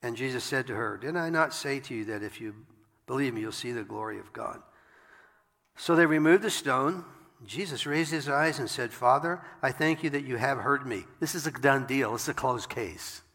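A man delivers a sermon, reading scripture and stopping to add wry, conversational asides. His voice is gravelly with a bright, forceful edge. The sound carries the long reverb of a large room. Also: medium pitch, moderate pace. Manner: reads scripture aloud and breaks in with wry asides. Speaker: pastor.

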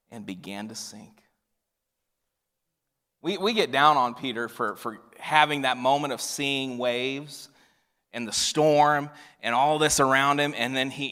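A male pastor preaching a sermon, swinging from loud emphatic lines to hushed near-whispers. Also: mid-range voice. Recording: long reverb of a large hall.

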